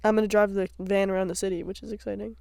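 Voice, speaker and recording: A woman's voice: medium pitch, little pitch movement, very fast, gravelly, dark tone, no room sound, clean studio sound. A woman co-hosting a podcast in casual chat, giggly and full of fillers. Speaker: podcast co-host. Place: cabin.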